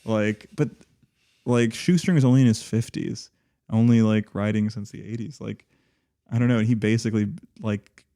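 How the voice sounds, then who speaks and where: A man's voice: fairly low pitch, steady tone, moderate pace, warm tone. A man co-hosting a podcast, talking casually and rambling, with many fillers and restarts. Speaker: podcast co-host.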